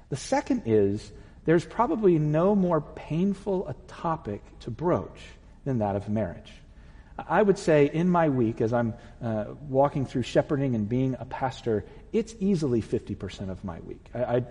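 Animated husky pastor preaching in a hall. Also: male voice, mid-range voice. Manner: animated, acts out voices while telling a story. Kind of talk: sermon with storytelling.

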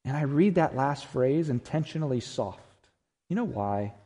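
A man preaching an Easter sermon as pastor, emphatic, swinging between loud emphasis and hushed, intimate passages. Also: medium pitch, lively intonation, normal speed. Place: church sanctuary. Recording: long church reverb.

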